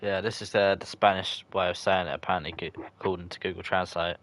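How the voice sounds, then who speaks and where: A man's voice: low-pitched, level tone, fast, a bit bright. A man live-streaming a football video game, chatting loosely with his viewers, joking in slang and swearing when things go wrong. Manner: chatty and loose, answers chat viewers by name. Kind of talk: casual live-stream commentary, reacting to chat.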